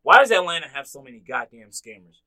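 A man hosting a casual podcast, telling an animated story and swearing freely. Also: on the high side, fast, low-quality recording. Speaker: podcast host.

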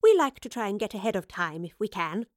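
Eccentric lady professor, courtly and brisk, flourishing her lines, read by a woman narrator. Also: medium pitch, big pitch swings, no room sound, studio quality, lightly acted.

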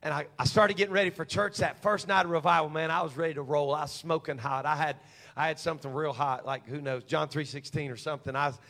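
Forties male preacher, high bright voice, folksy and funny in a sermon story. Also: quick pace, gravelly. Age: 40s. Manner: animated, humorous, folksy.

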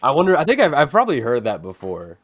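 A man's voice: mid-range voice, wildly swooping pitch, fast, slight background noise. A man hosting a podcast in casual chat, talking loosely with lots of "like" fillers. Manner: loose, filler-heavy talk with many "like"s. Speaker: podcast host.

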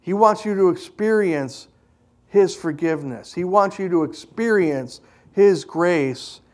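A man's voice: sits high, measured pace, a little mellow. A man preaching a sermon as a pastor, in an earnest, emphatic storytelling manner.

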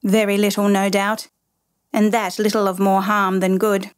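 A woman doing a gruff, stern father. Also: mid-range voice, little pitch movement, normal speed, no echo, clean studio sound, natural voice. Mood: dismissive. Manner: gruff, exclaiming. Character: stern French-Canadian father, fierce, grumbling.

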